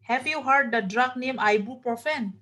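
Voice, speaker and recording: A woman with a somewhat high voice teaching a class. She spells out terms letter by letter and stops often to quiz her students. Her talk is full of "uh" and "like", and she often repeats herself. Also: normal speed, a bit bright. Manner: many fillers like "uh" and "like". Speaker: nursing teacher. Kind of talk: classroom lecture.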